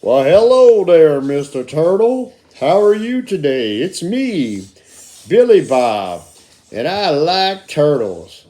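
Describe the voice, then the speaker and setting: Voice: mid-range voice, very animated, takes it slowly, mellow. A performer voicing Billy Bob, a friendly man who loves animals, in a homemade puppet show, eager and folksy.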